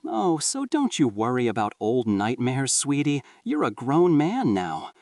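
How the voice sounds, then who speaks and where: A gentle middle-aged mother with a patient, pitying softness in every word, as a male storyteller puts her on. Her voice climbs high and swings in lively arcs. The sound is dry and set back from the mic. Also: measured pace, no room sound, far from the mic. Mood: soothing. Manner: soft, coaxing and pitying.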